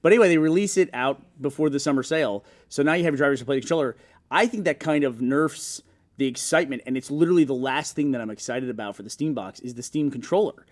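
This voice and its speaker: A man hosting a gaming podcast, rambling and joking in casual chat. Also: medium pitch. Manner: fast, rambling, jokey asides. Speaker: podcast host.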